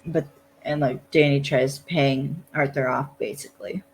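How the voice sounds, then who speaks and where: A podcast co-host talks slowly and easily, with a gravelly, creaky edge. The speech drifts along, loose and full of "like" fillers. A faint hum sits under the home recording. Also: mid-range voice, fairly even intonation, low-quality recording. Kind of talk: casual podcast chat.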